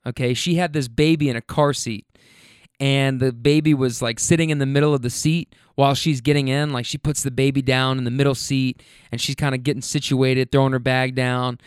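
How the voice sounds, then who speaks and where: Male host, rideshare storyteller; casual and laughing, lots of restarts; smooth, clean tone, dry close sound. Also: medium pitch, fairly quick, no echo. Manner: laughing, animated, stumbling restarts. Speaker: rideshare driver and show host. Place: Louisville.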